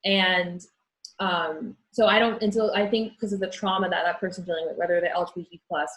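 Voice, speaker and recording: A woman's voice: lowish voice, steady tone, a little fast, a bit bright, low-quality recording. A young woman speaking as an interview guest, frank and earnest, often restarting her sentences. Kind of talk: candid conversation.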